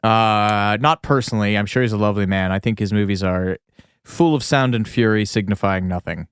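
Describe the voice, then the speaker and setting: Man, low smooth voice, opinionated podcast co-host, dry sound. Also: brisk, no echo. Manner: blunt, opinionated, jokey. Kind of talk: casual chat.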